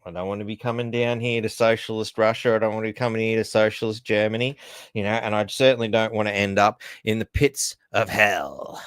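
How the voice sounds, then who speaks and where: An Australian man hosts a solo news commentary, ranting sarcastically and trailing off into asides. His lowish voice is smooth and sounds close and dry. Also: steady tone, fairly quick, no echo. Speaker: host.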